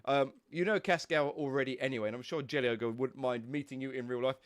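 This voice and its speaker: A man's voice: mid-range voice, fairly even intonation, quick pace. A young man with a stuffy, snotty nose from a cold, chatting casually and rambling on a live stream, swearing now and then.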